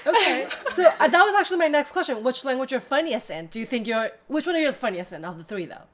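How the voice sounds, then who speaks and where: A woman's voice: high-pitched, expressive, fast, noisy background. A woman co-hosting a casual interview, asking playful questions and laughing along. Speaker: co-host, interviewer.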